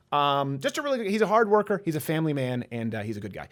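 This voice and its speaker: A man in his thirties hosting a talk show, chatting casually with quick, animated bursts of emphasis. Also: a little high. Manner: fast, animated delivery with sudden loud bursts. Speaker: host.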